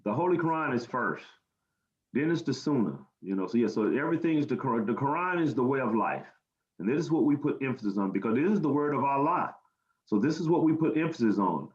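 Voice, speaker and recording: A man's voice: mid-range voice, expressive, fast talker, a little mellow. An American man answers interview questions in an earnest, plain-spoken way, repeating words as he gathers his thoughts. His voice sits in a roomy space, and the recording sounds dull and lo-fi. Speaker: guest speaker.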